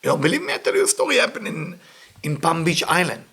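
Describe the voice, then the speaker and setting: A male Kabbalah teacher leaps up and down in pitch as he tells his stories, his voice bright and gravelly. His husky tone leans hard on each point. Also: fast talker. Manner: animated, emphatic storytelling. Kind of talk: lesson with storytelling.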